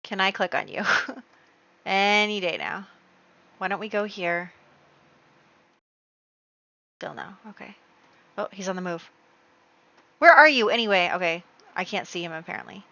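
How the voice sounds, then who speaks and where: A woman hosting a casual gameplay video, excitable and full of exclamations as she talks to her viewers. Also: lowish voice, measured pace, gravelly, pauses often, no echo, dull audio. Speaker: let's play host.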